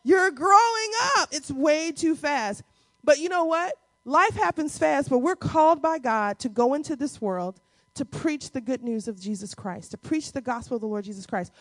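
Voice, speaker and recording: Woman preaching, high voice, dry close sound, slow repeated key lines, playful asides. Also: no echo. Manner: playful asides with quick dips into a low, quiet voice. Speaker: pastor. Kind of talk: sermon.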